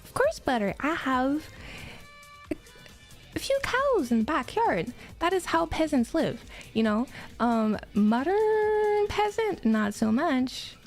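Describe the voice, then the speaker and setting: A woman's voice: high-pitched, sing-song, slow, soft background music. A woman with a Quebec French accent, a native French speaker, chatting casually on a livestream, greeting and thanking viewers between stories.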